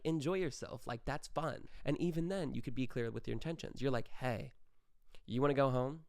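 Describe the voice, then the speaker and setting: Young male podcast host, casual solo rant, clean resonant voice, mid pitch. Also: gravelly, smooth, no room sound, studio quality. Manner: animated, acts out quick quoted exchanges.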